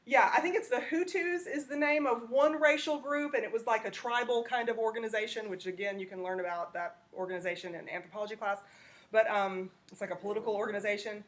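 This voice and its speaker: A woman's voice: fairly high pitch, fast. Woman teaching a class. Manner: conversational, checks in with "okay?". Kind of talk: classroom lecture.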